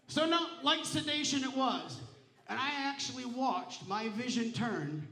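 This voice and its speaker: A man's voice: extremely high pitch, animated, measured pace, sharp tone. A man doing a stand-up comedy set on a casino stage, telling stories in a brash, profane, punchy way. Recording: roomy casino showroom sound.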